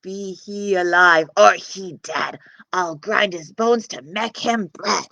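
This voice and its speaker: Booming grumpy storybook giant, dry close sound, read by a woman. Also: slow pace, vocal fry, pushed and bright, no echo, full character voice.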